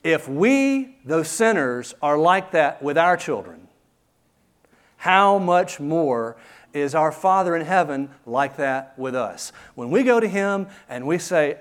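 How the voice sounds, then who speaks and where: A man's voice: on the high side, sing-song, slow pace, clean tone. A man preaching a sermon as pastor, earnest and conversational, putting rhetorical questions to his listeners.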